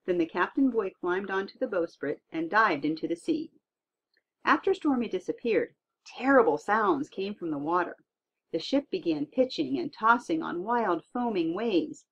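Woman storyteller, animated read-aloud, slightly breathy, muffled recording. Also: mid-range voice, normal speed. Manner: lively expressive read-aloud. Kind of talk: storybook reading. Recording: dull lo-fi recording.

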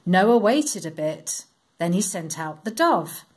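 A woman reading a Bible story aloud to children, in a slow, expressive, sing-song storytelling manner. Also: on the low side, breathy edge.

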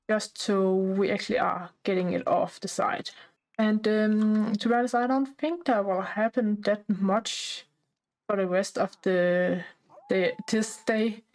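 A woman gives relaxed, chatty commentary while she plays a life-sim game. She sounds a little out of breath, and her talk is halting, with many fillers and restarts. Her voice sits in an ordinary middle range. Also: mid-range voice, rough recording. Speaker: gameplay narrator.

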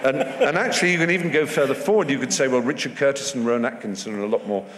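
Speaking quickly in a medium-pitched, slightly bright voice, a man appears as a guest in a festival stage conversation before an audience. He wanders wryly through his points and often restarts sentences, captured with long hall reverb and faint background noise.

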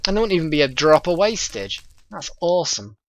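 A man casually commenting on his own gameplay, thinking aloud in a chatty, excitable way. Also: on the high side, fairly quick, dry recording. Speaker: let's play host.

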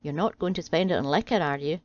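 A smug well-dressed gentleman, as a woman puts him on. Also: sits low, fast, muffled recording, close to an everyday voice. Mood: wry.

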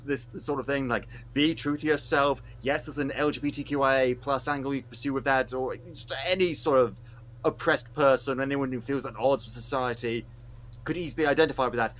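This co-host of a film review podcast delivers a casual rant full of heated sarcasm and cursing. He's a man with a medium-pitched, steady, slightly bright voice, speaking a little quickly.

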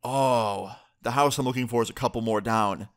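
A young man voicing a furious middle-aged father who yells and then apologizes in a rush. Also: mid-range voice, clear, resonant tone, close to an everyday voice. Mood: confused. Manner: yelling, then rushed and apologetic.

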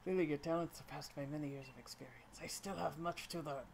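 A woman voicing a calm, humble older male gym leader in a lowered, quiet voice, attempting a Japanese accent. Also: fast talker, gravelly, background noise.

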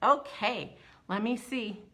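A middle-aged woman leading a preschool story time as a librarian, talking in an animated sing-song way for small children. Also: a little high, slow.

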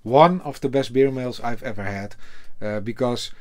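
A man with a Dutch accent, a native Dutch speaker, chatting casually in an unboxing video, halting often with fillers and cursing offhand. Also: medium pitch. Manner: hesitant, halting, full of fillers, casually swearing. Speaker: beer reviewer.

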